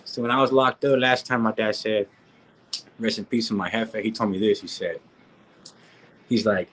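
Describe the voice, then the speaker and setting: A man's voice: lowish voice, moderate pace, long pauses, fairly bright tone, a little hiss or hum, rough recording. A man, talking in a casual live-stream rant, slangy and repetitive, peppering his talk with street asides and restarting his sentences. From California. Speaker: reaction streamer.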